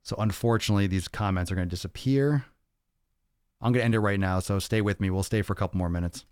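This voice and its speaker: A man's voice: lowish voice, fast, darkish tone, clean tone, no room sound, studio quality. A man hosting a fitness podcast livestream, chatting casually, answering comments and cracking crude jokes. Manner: loose and profane, jokey, reads comments aloud. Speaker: podcast host.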